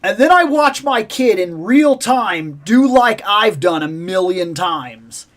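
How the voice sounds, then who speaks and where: A woman hosting a toy collecting vlog, telling a lively, opinionated story about a video game and acting out its sounds. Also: mid-range voice, slow pace. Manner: animated, acts out game sounds and voices; passionate, opinionated about games. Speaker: toy collecting channel host.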